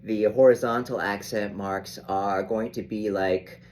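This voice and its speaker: Slow-talking older male music teacher. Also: fairly low pitch, steady tone, darkish tone, slight background noise. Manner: unhurried, rambling, with frequent restarts. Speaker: saxophone teacher. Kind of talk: casual instructional talk.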